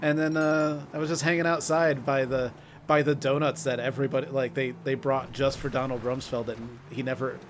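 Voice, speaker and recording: A man's voice: mid-range voice, little pitch movement, fairly quick, slight background noise. A young man co-hosting a game stream, talking in a laid-back, rambling way with chuckles. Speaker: streamer and co-host. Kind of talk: casual chat.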